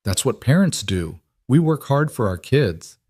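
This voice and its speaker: A man doing a gentle, reassuring single dad. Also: medium pitch, sing-song, measured pace, dry recording, studio quality, voice pushed up. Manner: tender, reassuring. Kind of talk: storybook narration.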